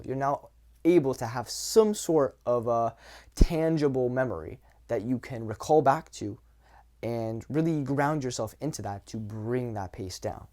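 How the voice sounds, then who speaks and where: Young male dating coach, casual and blunt, middle pitch, acts out examples. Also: dark tone. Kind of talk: casual talking-head advice.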